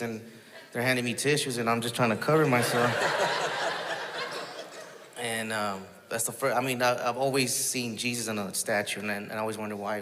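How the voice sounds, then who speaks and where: A man telling his personal testimony in a casual storytelling way, halting, with many restarts and quoted asides. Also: mid-range voice, sharp tone, in a large hall.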